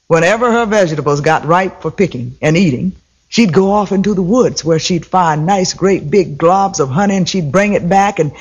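A man telling a folktale as a storyteller, in a rhythmic, repetitive, folksy way. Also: fairly high pitch.

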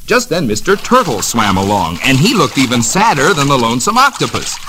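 A man narrating a children's story on a record in a gentle, expressive way. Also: mid-range voice, a little fast, noisy background. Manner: gentle, sing-song and expressive.

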